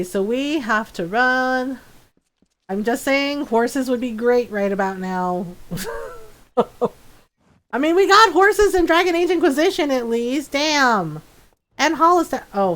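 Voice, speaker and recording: A woman's voice: sits high, fairly bright tone, low-quality recording. A woman streaming a game, chatting casually, laughing often and acting out quotes from people she talks about. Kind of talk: casual gameplay chat.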